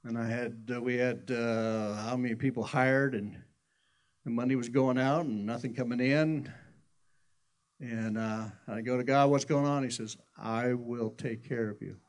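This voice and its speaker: A man's voice: medium pitch, fairly even intonation, moderate pace. A middle-aged man preaching a sermon in a conversational, folksy storytelling way, often restarting his sentences. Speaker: pastor.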